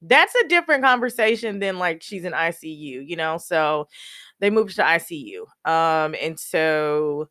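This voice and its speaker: A woman's voice: deep voice, expressive, unhurried, bright, forceful tone, dry recording, clean studio sound. A woman podcast host telling a personal story casually, laughing often through sad memories and filling with "you know" and "um.". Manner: many fillers like "you know" and "um".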